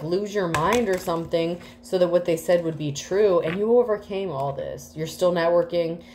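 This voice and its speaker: A woman's voice: lowish voice, dark tone, a little hiss or hum. A woman giving a casual tarot reading to the collective, rambling with many fillers, swearing freely and getting emotional. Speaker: tarot reader.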